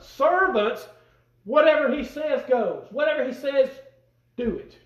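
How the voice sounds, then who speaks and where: High-voiced preacher in an echoey church. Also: male voice. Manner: emphatic, folksy preaching with rising bursts. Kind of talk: sermon. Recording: echoey room.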